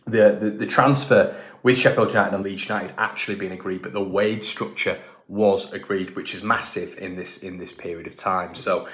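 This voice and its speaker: A man's voice: deep voice, fairly even intonation, moderate pace, fairly bright tone. A man hosting a football fan channel, talking casually and emphatically and often repeating himself and restarting lines.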